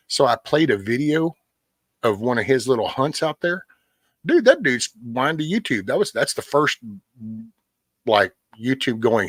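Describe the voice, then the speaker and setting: A man's voice: mid-range voice, sing-song, moderate pace, slightly rough, no echo. A middle-aged man, rambling casually on a livestream and answering chat by name. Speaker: livestream host. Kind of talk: casual live-stream chat.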